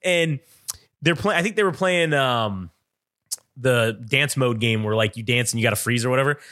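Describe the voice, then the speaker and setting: A man's voice: medium pitch, moderate pace, bright, forceful tone. A man hosting a podcast, telling a story in casual chat, swearing freely and acting out what other people said. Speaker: podcast host.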